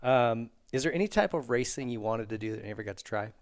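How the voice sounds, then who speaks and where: A man hosting a casual podcast interview. His voice sits at an ordinary middle pitch, and he talks in a chatty way, retelling anecdotes and asking questions. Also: animated, fast talker. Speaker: podcast host.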